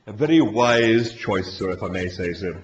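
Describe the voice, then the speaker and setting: Brief: a man putting on a low, ingratiating bovine creature, contented and courteous, lively swoops, dull lo-fi sound. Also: moderate pace, a little hiss or hum, close to an everyday voice. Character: polite male cow-like creature offering itself as dinner. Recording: dull lo-fi live recording.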